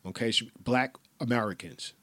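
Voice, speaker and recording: A man's voice: medium pitch, normal speed, a bit bright, no room sound. A man hosting a solo podcast, ranting bluntly and profanely with lots of repetition. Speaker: podcast host.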